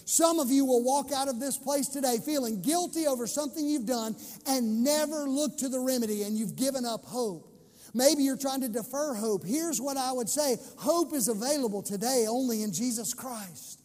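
Male pastor, impassioned sermon, emphatic slow phrases, very high voice, long church reverb. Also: a little mellow.

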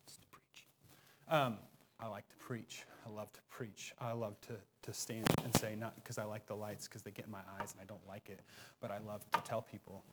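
A man in his thirties, a preaching pastor, giving a conversational sermon in church, moving from soft self-deprecating asides to loud, emphatic peaks. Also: on the low side, heavy background noise. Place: church sanctuary.

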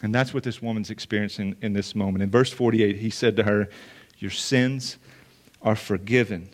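A man's voice: fairly low pitch, steady tone, fast talker. Earnest male pastor preaching a sermon. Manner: earnest, emphatic, repeats phrases for weight. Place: church or meeting room with listeners.

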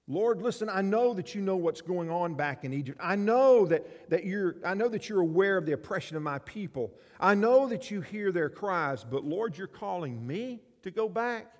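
Preacher doing a nervous male prophet, high and pleading, stumbling over his words; big reverberant hall. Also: lively intonation, moderate pace, few pauses. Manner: high-pitched, pleading, stammering. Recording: long reverb of a large hall.

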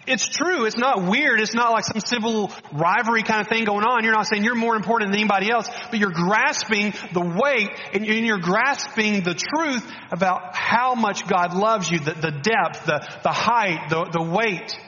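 A man preaching a sermon as a guest speaker, animated and coaxing, often restarting and repeating words. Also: high voice, moderate pace, hardly any pauses, in a large hall, muffled recording.

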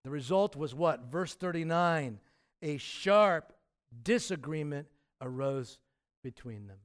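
A male pastor preaching with lively, emphatic bursts and casual asides. His voice sits a little high for a man, and he keeps a conversational tone between the peaks. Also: takes it slowly. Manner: animated preaching with sudden loud emphatic peaks and acted quotes; conversational, with fillers and restarts. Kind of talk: sermon.

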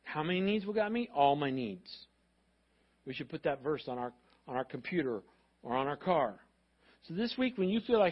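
A man preaching a sermon to his congregation. He talks in a lively, animated way and acts out voices of parents and of God. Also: a little high, normal speed, highs cut off. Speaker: pastor.

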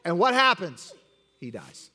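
An animated man teaching children, his voice bright and full of ups and downs. He acts the story out and steers the kids with quick, repeated commands. A long reverb from the large hall follows every word. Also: high-pitched. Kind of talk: interactive acted-out Bible lesson.

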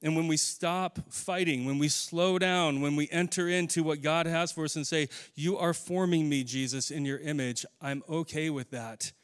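A man preaching a sermon in a church, earnest, slowing and softening into prayer. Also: on the high side, fairly even intonation, clear, resonant tone. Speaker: pastor.

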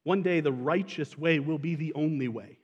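Pastor, male, slightly higher voice, conversational sermon that puts questions to the listeners, long reverb of a church hall. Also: moderate pace, a little mellow, slightly rough, lo-fi sound. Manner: conversational preaching, asks the congregation questions.

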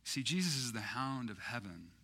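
This sermon comes from a male pastor who speaks at normal speed with a medium pitch. His delivery is casual and chatty, full of fillers, and it swells into loud, passionate high points.

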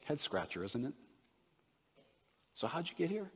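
A man preaching a sermon as a pastor, swinging between loud emphasis and hushed, near-whispered asides. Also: fairly high pitch, very animated, a little slow, slightly rough, in a large hall.

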